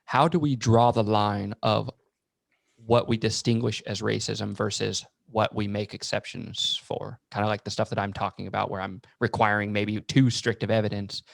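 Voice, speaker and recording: A man with a lowish, gravelly voice hosting a podcast interview. He asks questions in a measured, hesitant way. His voice sounds dry and close, with no room around it. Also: little pitch movement, no room sound. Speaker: podcast host. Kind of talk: casual interview conversation.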